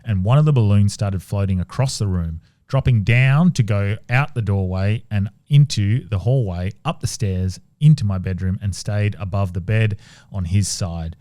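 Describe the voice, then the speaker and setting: A man with a lowish voice reads listener ghost stories on a podcast in a relaxed, offhand manner, often stumbling and restarting lines. The sound is dry and close to the mic, with no room echo. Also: moderate pace. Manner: relaxed, swears casually, trails off and restarts while reading. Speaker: podcast co-host. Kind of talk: casual podcast chat, reading listener stories aloud.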